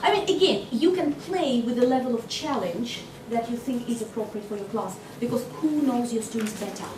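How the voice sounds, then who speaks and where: A woman training teachers in a workshop lecture, lively and constantly quizzing her audience with quick questions. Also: on the high side. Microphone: distant mic. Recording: echoey hall from far off, noisy.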